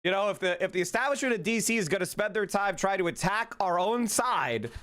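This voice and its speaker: A man streaming political commentary in a heated, profane rant, breaking into yelled insults and stumbling over his words. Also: high voice, lively intonation, fairly quick, clear, resonant tone. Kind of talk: casual live-stream commentary.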